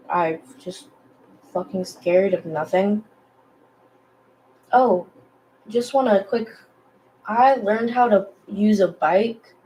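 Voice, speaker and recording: Slow rambling young woman artist. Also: mid-range voice, a little mellow, slight background noise, low-quality recording. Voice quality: morning voice. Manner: rambling, self-deprecating, lots of fillers. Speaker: digital artist vlogger. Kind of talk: casual chat while drawing.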